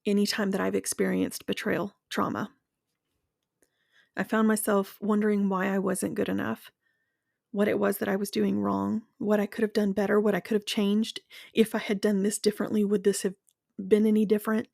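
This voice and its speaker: A woman speaking in a slow, measured, earnest reflective monologue, walking the listener through guided imagery and then sharing her own experience. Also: mid-range voice, flat delivery, vocal fry, darkish tone, dry recording, studio quality.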